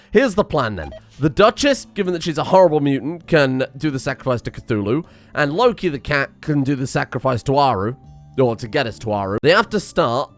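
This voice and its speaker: Excitable gaming commentator. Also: male voice, mid-range voice. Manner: excitable, self-mocking, swears, muses aloud. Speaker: gaming streamer. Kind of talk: casual gameplay commentary.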